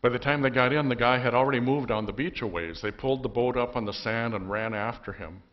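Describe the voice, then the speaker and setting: A man's voice: mid-range voice, quick pace, dull audio. A male pastor with an Upper Midwest American accent, retelling a Bible story in a folksy, wry sermon in a church. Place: church sanctuary.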